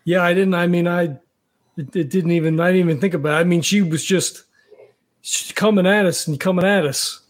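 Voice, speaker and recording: A man playing a tabletop game, speaking haltingly with many restarts. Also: sits high, steady tone. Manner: halting, hesitant speech. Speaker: player.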